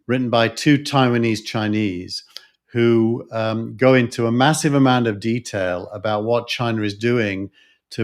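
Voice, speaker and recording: A man with a Yorkshire accent, co-hosting a podcast discussion, talking thoughtfully with many fillers and restarts. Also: lowish voice. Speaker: podcast co-host. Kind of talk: casual discussion.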